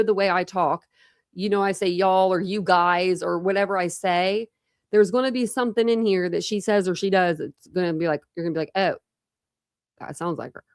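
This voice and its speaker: A woman's voice: mid-range voice, clear, resonant tone, no echo, clean studio sound. A woman hosting a true crime channel, talking casually to viewers and thinking aloud as she goes. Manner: rambling, thinks aloud with restarts.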